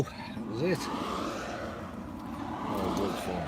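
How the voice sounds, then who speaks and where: A man's voice: fairly low pitch, normal speed, noisy background. A man hosting a casual live stream, chatting informally with viewers and swearing freely. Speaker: channel host.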